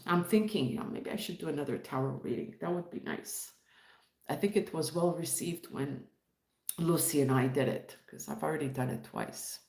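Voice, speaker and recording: A woman's voice: low-pitched, normal speed, gravelly, darkish tone, roomy sound. A woman from Montreal hosting a live stream, chatting casually and greeting viewers by name as she reads the chat. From Montreal, Canada. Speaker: livestream host.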